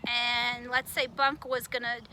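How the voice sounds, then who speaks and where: A woman teacher leading a children's puppet lesson, patient and gently explaining. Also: a little high, flat delivery, unhurried, noisy background.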